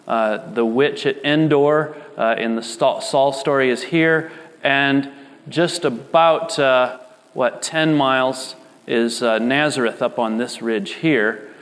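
A male pastor giving a sermon, reading scripture with expression and then explaining it in a loose, halting, conversational way. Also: mid-range voice, fairly even intonation, fairly bright tone, long reverb tail.

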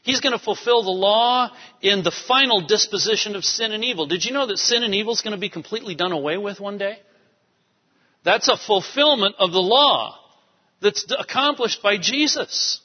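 A man preaching a sermon to a congregation, emphatic and animated, with asides to the people in the pews. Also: sits high, moderate pace. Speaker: pastor. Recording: dull sound in a reverberant hall.

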